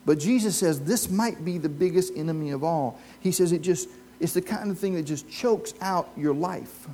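Speaking at normal speed in a slightly high voice, a man preaches to a live church congregation. His sermon involves telling stories and asking the congregation questions.

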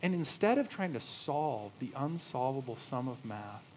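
A man in his thirties preaching a sermon, moving between quiet reverent passages and lively storytelling. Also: medium pitch, moderate pace, a little hiss or hum, poor audio. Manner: storytelling, swings from hushed awe to lively anecdote. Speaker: pastor.

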